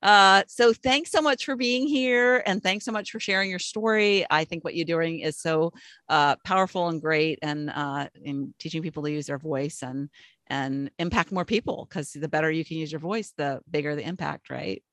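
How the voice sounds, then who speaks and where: A middle-aged woman hosting a podcast, chatty and giggly, trailing off softly at the ends of sentences. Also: sits low, moderate pace, no room sound. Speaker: podcast host. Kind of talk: casual interview chat.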